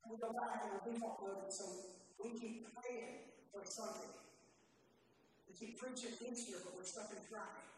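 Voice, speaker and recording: A woman pastor with a mid-range voice preaches an impassioned sermon at normal speed and in a steady tone, repeating phrases and asking the congregation to repeat after her. The recording is noisy and distant, captured in an echoey hall.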